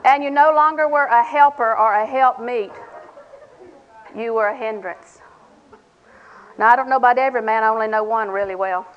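A woman's voice: a little high, dull audio. An older woman preaching a sermon in a folksy, humorous way, acting out little conversations. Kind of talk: sermon to a women's audience.

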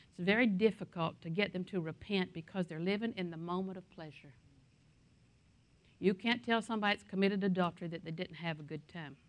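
A middle-aged woman pastor preaching a sermon in a conversational way, with asides and anecdotes. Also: mid-range voice.

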